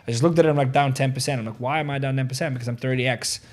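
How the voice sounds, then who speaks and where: A man's voice: medium pitch, steady tone, racing. A man hosting a crypto trading livestream, rambling casually, swearing freely and joking with viewers about their likes. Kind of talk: casual livestream chat, reading viewer comments.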